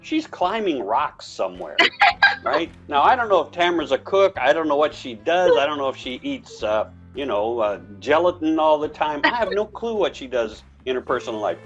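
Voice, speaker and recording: A man with a fairly high, very lively voice tells stories in a casual talk, acting out the lines of others. The audio is slightly dull and muffled, with faint music underneath. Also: normal speed. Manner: storytelling, acts out dialogue with big pitch jumps. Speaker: podcast co-host. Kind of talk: casual conversation on relationships.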